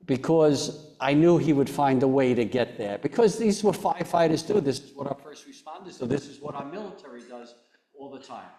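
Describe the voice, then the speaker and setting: A foundation chairman recounts a personal story during an on-stage interview, speaking in a mid-range, animated voice. He's earnest yet halting, frequently starting over and sometimes dropping to a near whisper.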